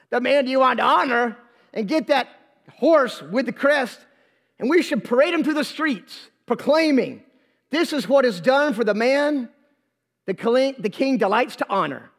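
A preacher putting on a smug, scheming court official who gloats and then grovels for mercy. The voice sits very high for a man and keeps the long echo of a big hall. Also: animated, unhurried, a bit bright, full character voice. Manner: gloating then desperate pleading.

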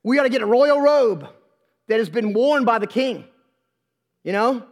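A preacher putting on a smug, scheming court official who gloats and then grovels for mercy. The voice sits very high for a man and keeps the long echo of a big hall. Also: lively intonation, normal speed. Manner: gloating then desperate pleading.

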